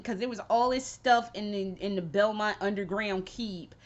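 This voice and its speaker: A woman vlogger giving a rambling, excitable, profane spoken review of a show she loved. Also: mid-range voice, moderate pace, few pauses, lo-fi sound. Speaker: video game vlogger.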